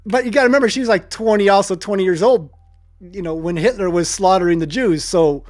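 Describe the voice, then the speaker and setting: A man's voice: sits high, fast, darkish tone, faint music behind. A man in his sixties casually telling a long personal story, wandering off on side trails and chuckling at himself. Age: 60s. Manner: digressive, loses track and chuckles. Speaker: storyteller host.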